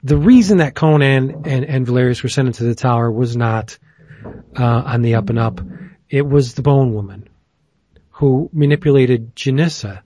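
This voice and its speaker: A man's voice: medium pitch, moderate pace, mellow. A man hosting a casual chat who rambles enthusiastically, with plenty of fillers. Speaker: podcast host.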